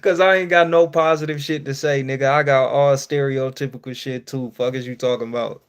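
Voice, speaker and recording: Male streamer host, mid-pitched, loose and profane, quick laughs, loud-to-mumbled delivery. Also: clean tone. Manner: profane, joking, laughs often, animated swings in loudness. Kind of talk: casual live-stream Q&A.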